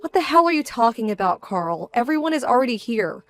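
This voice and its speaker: A woman voicing a young bride-to-be who sounds indignant, measured and cold. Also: fairly high pitch, sing-song, fairly bright tone, faint music behind. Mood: exasperated. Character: young bride-to-be, hurt and proud, quietly fierce. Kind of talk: scripted story drama.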